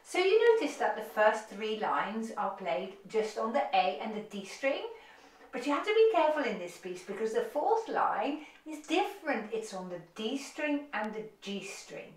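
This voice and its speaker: A woman's voice: fairly high pitch, very animated, moderate pace, far from the mic. A woman teaching a violin lesson, giving upbeat, encouraging instructions. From United Kingdom. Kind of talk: online music lesson. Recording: roomy echo, off-mic, violin playing.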